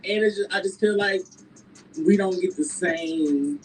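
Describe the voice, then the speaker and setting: A woman's voice: medium pitch, steady tone, unhurried, a little mellow, roomy sound, recorded from a distance, slight background noise, poor audio. A woman cast member talking candidly and emotionally about her life, often acting out what others say. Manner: emphatic, emotional, quotes others in put-on voices. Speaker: reality show cast member. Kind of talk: candid confessional chat.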